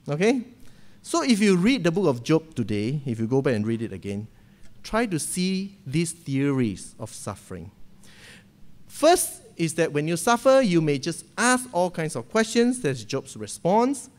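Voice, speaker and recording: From a church pulpit, a man preaches a sermon, retelling a story with liveliness and often checking in with "okay?". His voice is high-pitched and his speed normal.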